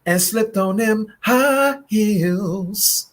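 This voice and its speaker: A man hosting a late-night relationship chat who greets viewers by name and tells a Bible story in an animated, preaching style, acting out voices. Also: high voice, extremely slow, faint music behind. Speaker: host, relationship coach.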